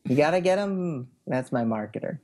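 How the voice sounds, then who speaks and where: A man's voice: fairly high pitch, expressive, normal speed, mellow. A man co-hosting a book review podcast, bantering playfully in casual chat. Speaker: podcast co-host.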